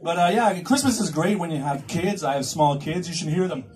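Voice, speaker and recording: A man's voice: fairly high pitch, brisk. A male stand-up comedian performing live in a cinema, rambling and self-mocking, with stammering restarts. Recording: far from the mic, loud crowd laughter.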